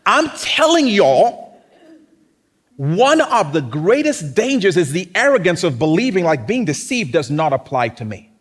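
A man's voice: high-pitched, very animated, measured pace. A man preaching a sermon in a conversational, teasing way, often acting out mocking quotes.

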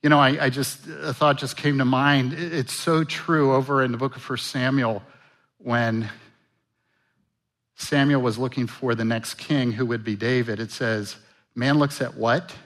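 A man's voice: medium pitch, measured pace. A man preaching a sermon, asking the congregation questions and acting out the voices of biblical figures. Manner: animated, acts out Bible voices, rhetorical questions. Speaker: pastor.

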